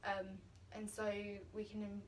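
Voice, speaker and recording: A woman's voice: medium pitch, completely flat delivery, a little slow. Young woman, hesitant, heard from afar. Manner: hesitant, many fillers and restarts. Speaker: drama student. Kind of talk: casual group discussion. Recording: voice from a distance with faint background noise.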